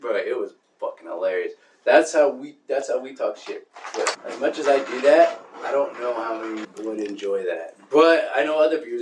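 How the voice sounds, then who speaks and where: A young man co-hosting a podcast in casual chat, excitable and swearing, often repeating himself as he bickers. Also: medium pitch. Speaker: podcast co-host. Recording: roomy, distant from the mic.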